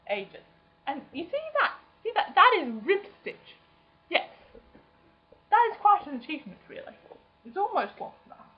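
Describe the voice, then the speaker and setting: A young woman vlogging in casual chat, self-mocking and quick to act out other people's voices. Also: medium pitch. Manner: chatty and self-mocking, acting out friends' voices. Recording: dull lo-fi webcam sound.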